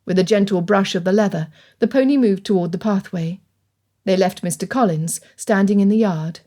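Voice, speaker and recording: A woman narrating an audiobook in a steady, clear storytelling manner. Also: medium pitch, normal speed. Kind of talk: scripted narration.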